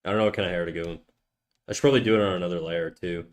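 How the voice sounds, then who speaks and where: A Canadian man streams himself drawing, chatting casually with crude, joking banter and plenty of swearing. His voice is low-pitched and steady in tone, and he talks very fast.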